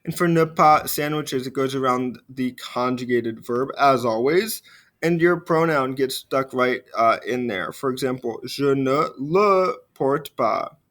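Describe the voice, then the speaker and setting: A man in a middle register talks through a French grammar lesson for video. He speaks patiently, uses plenty of fillers, and slows right down when he models each French example. His voice fades softly at the ends of phrases. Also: medium pitch. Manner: frequent fillers, trails off quietly at phrase ends. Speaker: French teacher.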